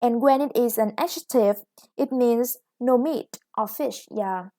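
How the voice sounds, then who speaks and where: A woman English teacher with a Vietnamese accent, explaining grammar in a recorded lesson, slow and patient with many "yeah" and "okay". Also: on the high side, warm tone.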